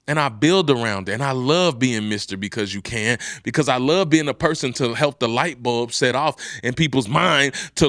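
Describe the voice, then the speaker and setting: Fired-up motivational man, bright and intense. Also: no room sound, studio quality. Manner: preachy, swings from low and quiet to loud and high. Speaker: podcast host. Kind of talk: motivational podcast talk.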